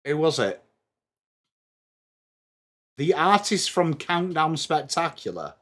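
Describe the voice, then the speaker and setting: English male streamer, young, slow and chatty, bright and forceful tone, self-deprecating. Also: on the high side, big pitch swings. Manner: chatty, self-mocking, reads aloud to chat. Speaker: livestream host. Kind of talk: live watchalong chat.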